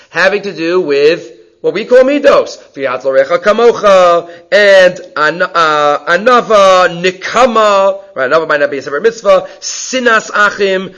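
A man with a fairly high voice teaches a lesson on Jewish law. He reads Hebrew source passages and then explains them emphatically in plain English. The recording sounds dull and lo-fi. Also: a bit bright. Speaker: Torah teacher.

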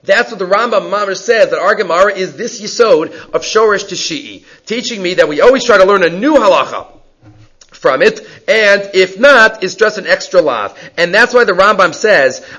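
A man's voice: high-pitched, lively intonation, moderate pace, pushed and bright. A man giving a lesson on Jewish law, reading Hebrew passages aloud and explaining them in English with emphasis. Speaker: Torah teacher. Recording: dull lo-fi recording.

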